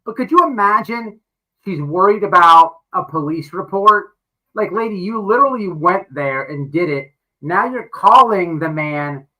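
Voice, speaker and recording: A man hosting a show, reacting to clips with excitable, profane commentary. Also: high-pitched, rough recording. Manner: excitable, crude, exclaiming.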